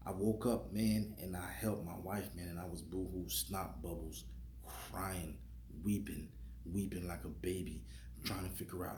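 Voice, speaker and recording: Low-voiced man telling a dream story in an echoey room, animated, acting out his own lines. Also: moderate pace. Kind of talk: casual storytelling. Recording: echoey room with faint noise.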